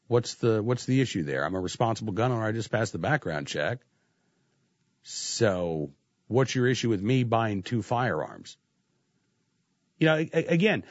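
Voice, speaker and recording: Guy hosting talk radio, animated and mocking, dull lo-fi sound. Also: medium pitch, no room sound. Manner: sarcastic, animated, mocking quotes. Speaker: radio talk show host.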